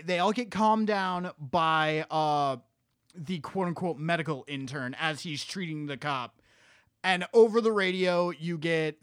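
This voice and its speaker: Young male co-host, high pitch, dry booth sound, loose profane storyteller. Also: measured pace, fairly bright tone, clear, resonant tone, dry recording. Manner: rambling, profane, restarts a lot while storytelling. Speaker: podcast co-host. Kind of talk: casual chat retelling a horror movie.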